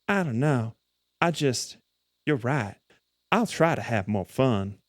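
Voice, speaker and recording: A man's voice: medium pitch, sing-song, slow pace, no echo, studio quality. A man streaming a game, rambling and correcting himself as he stumbles over words. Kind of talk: casual gameplay commentary.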